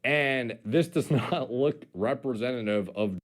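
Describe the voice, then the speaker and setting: A man's voice: medium pitch, unhurried. A man giving casual commentary in a video, rambling with lots of fillers and swearing. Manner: rambling, filler-heavy, profane.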